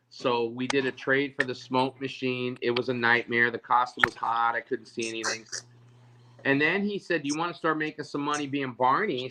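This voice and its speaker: A man's voice: medium pitch, background noise. A man, a balloon artist guest, chatting casually on a video call and acting out the voices of people in his stories. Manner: animated, acts out quoted voices, stammers on restarts.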